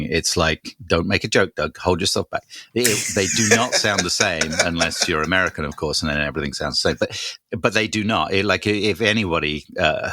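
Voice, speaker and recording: A man's voice: low-pitched, sharp tone, no echo, clean studio sound. A man co-hosting a podcast in casual chat, rambling and jokey, with frequent restarts. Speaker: podcast co-host.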